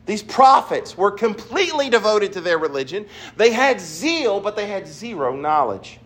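High-voiced male preacher. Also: very animated, normal speed, fairly bright tone. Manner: emphatic, repetitive preaching with restarts. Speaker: pastor. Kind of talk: sermon.

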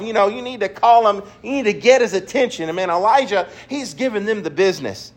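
A man's voice: sits high, animated, a little fast, few pauses. A male pastor preaching a sermon emphatically, repeating key phrases. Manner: emphatic, repetitive preaching with restarts.

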